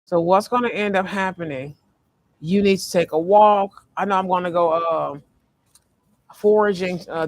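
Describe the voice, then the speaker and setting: Male tarot reader, high voice, casual vlog, meandering delivery with many fillers and restarts. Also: dry recording. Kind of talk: casual spiritual card reading vlog. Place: sitting in a fast-food restaurant.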